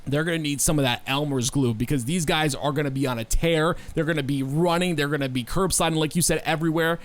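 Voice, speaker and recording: A man co-hosting a podcast, talking in an animated, assertive way with folksy sayings and repeated emphasis. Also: a little high, quick pace. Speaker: podcast co-host. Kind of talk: casual podcast discussion.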